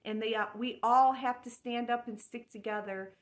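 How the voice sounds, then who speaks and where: A woman's voice: fairly high pitch, fairly even intonation, moderate pace. A woman speaking in a heartfelt personal monologue, earnest and spiritual, often repeating herself. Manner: earnest, spiritual, emotional with repetitions. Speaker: vlogger.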